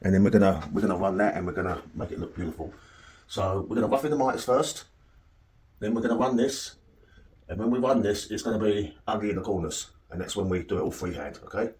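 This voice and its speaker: A man's voice: lowish voice, lively intonation, fast talker, darkish tone, slight background noise. A middle-aged man, giving a chatty, joking on-the-job plastering demonstration and checking in with "okay?" as he goes. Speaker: plasterer demonstrating cornice work. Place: indoor room on a work site.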